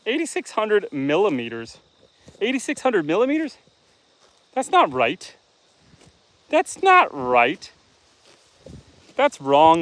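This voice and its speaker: Middle-aged man from Canada, slightly high voice, relaxed chatty livestream host outdoors on a farm. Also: no room sound, rough recording. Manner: easygoing, chatty, teasing viewers. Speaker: homestead livestreamer. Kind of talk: casual live-stream chat reading viewer comments.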